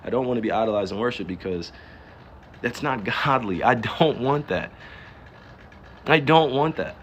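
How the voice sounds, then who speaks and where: A man from the East Coast of the US talks at mid pitch and keeps hammering home his point. His casual live-stream rant is full of rhetorical questions and cursing, with a faint hiss of noise behind him. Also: expressive, normal speed. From New Jersey, US East Coast. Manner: emphatic and ranting, with rhetorical questions, profanity and laughs. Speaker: livestreamer.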